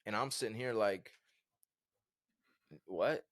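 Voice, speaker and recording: Man from virginia, podcast guest, low voice, dry close sound, animated storytelling. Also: brisk, dry recording. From Virginia, USA. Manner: animated, conversational, many fillers like "like" and "bro". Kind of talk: storytelling in casual conversation.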